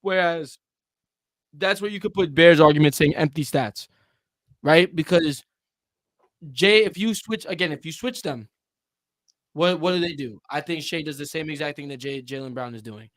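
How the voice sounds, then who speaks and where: A young man co-hosting a casual sports podcast, talking in an animated way, quick to laugh and push back. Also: a little high, no echo. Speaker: podcast co-host.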